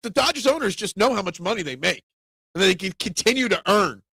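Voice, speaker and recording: A man hosting a casual sports talk show, opinionated and animated, raising his voice when he rants. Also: high-pitched, brisk, gravelly, slightly rough, no echo. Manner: opinionated, animated, gets loud when ranting.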